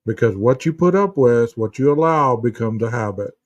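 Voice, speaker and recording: A man's voice: medium pitch, animated, moderate pace, dry recording, far from the mic. A man hosting a casual live stream as a therapist, telling stories and answering chat in a rambling way full of restarts and fillers. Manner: rambling, many restarts and "you know" fillers, storytelling. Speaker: host, therapist. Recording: dull, muffled sound from a mic set back.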